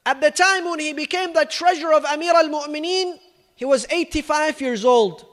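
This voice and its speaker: A man's voice: extremely high pitch, moderate pace, fairly bright tone, big-room sound. A man giving a storytelling sermon, speaking emphatically and peppering his telling with Arabic phrases. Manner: emphatic storyteller, acting out quoted speech, rich in Arabic phrases. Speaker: religious speaker.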